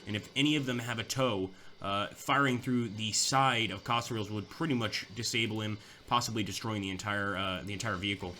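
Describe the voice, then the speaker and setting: A man's voice: on the low side, fairly even intonation, a little fast, hardly any pauses, bright, forceful tone, a little hiss or hum. A young man giving casual, chatty commentary over a strategy war game, thinking aloud with fillers and restarts. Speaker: gameplay commentator.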